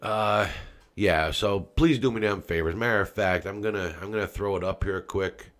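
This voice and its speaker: A man's voice: lowish voice, normal speed. Profane, ranting male podcast host. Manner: profane, heated ranting with loud outbursts; casual and folksy, speaks straight to viewers. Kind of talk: political commentary podcast.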